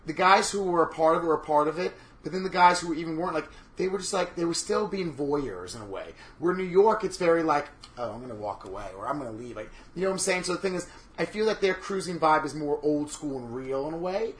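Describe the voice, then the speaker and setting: A man co-hosting a chat show, telling stories in an animated, campy and profane way. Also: a little high, quick pace, reverberant. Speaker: podcast co-host. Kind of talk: casual chat.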